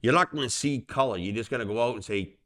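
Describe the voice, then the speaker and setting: A middle-aged man, a referee co-hosting a casual podcast, telling stories with lively acted-out quotes. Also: medium pitch, quick pace. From Boston. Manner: animated storyteller, acts out voices in quotes. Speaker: hockey referee and podcast co-host.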